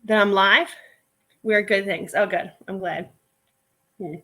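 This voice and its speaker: Woman, home live stream, casual rambling chat, lots of fillers, mid-pitched voice. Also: steady tone, unhurried, bright, forceful tone. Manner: chatty and rambling, with many "like" fillers. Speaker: online reseller hosting a live stream. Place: at home, sorting a pile of clothes.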